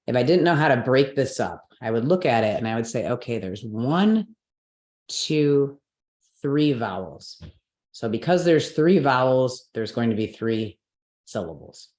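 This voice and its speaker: A woman with a rumbling low, darkish voice teaches Sanskrit pronunciation rules in an explanatory class, heard with a roomy echo. Patiently, she makes sure her students keep up, frequently asking "right?" and saying "okay".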